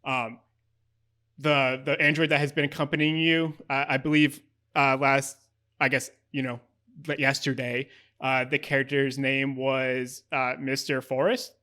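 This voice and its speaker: A man's voice: mid-range voice, flat delivery, measured pace, pushed and bright. A man narrating as game master of a tabletop game, rambling with frequent fillers and restarts.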